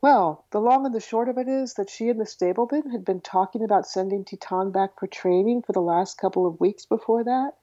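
A woman recounting a story as an interview guest, her voice mellow and soft-edged. She tells it in a lively anecdotal way, slipping into the voices of the people she quotes. The audio is dry and a little dull, like a lo-fi interview recording. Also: mid-range voice, a little fast, hardly any pauses, dry recording. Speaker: guest, author on horse communication.

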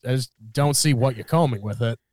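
A man's voice: medium pitch, a little fast, darkish tone, no echo, clean studio sound. A young man co-hosting a casual chat, telling stories loosely and swearing as he goes. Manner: casual, swears, laughs mid-story. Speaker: podcast co-host.

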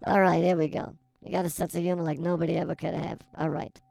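A man co-hosting a comedy podcast, reading listener questions slowly with playful teasing. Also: fairly high pitch, flat delivery, creaky, a little mellow, no echo.

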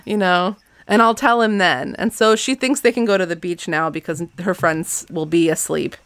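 A woman's voice: lowish voice, moderate pace, a bit bright, no echo. A young woman co-hosting a casual book podcast, laughing often and reading passages aloud. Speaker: podcast co-host.

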